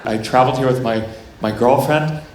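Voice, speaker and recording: An American man performing a stand-up comedy set, wry and quick, often stammering and restarting his lines. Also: mid-range voice, darkish tone, echoey room, slight background noise. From United States. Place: live comedy venue.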